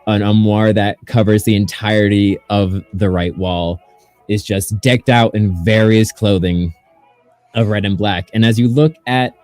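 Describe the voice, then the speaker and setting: A man acting as game master, narrating a tabletop game in a relaxed way full of fillers. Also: on the low side, unhurried, dry recording.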